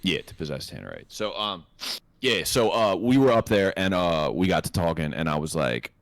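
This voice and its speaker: A man co-hosting a podcast, telling a profane, animated anecdote in a casual chat. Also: low voice, moderate pace, no echo. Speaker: podcast co-host.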